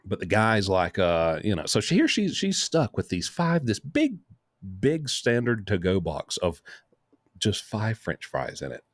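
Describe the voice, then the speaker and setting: A man's voice: on the low side, a little slow, no echo, clean studio sound. A man hosting a casual show, telling a long, rambling story with many asides. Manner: rambling, lively anecdote full of asides. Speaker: host.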